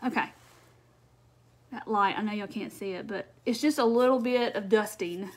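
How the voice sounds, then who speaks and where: A woman's voice: mid-range voice, normal speed, long pauses, darkish tone. A woman hosting a live craft demonstration, chatting casually, answering viewer comments and laughing often as she works. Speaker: craft livestream host.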